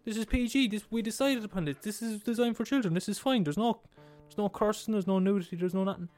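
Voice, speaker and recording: A man's voice: high-pitched, fairly even intonation, fast talker, a little mellow, faint music behind, voice pushed up, close to an everyday voice. A man putting on an exasperated male film director who swears in indignant disbelief.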